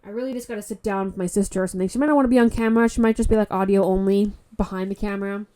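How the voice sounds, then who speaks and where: Podcast host: a worn-out woman from Canada with a blocked nose, mellow tone, blunt and profane, chatting solo into a phone. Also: medium pitch, steady tone, rapid-fire. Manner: rambling, frank, swears often. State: stuffy nose; tired. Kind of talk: casual solo podcast chat. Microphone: phone mic.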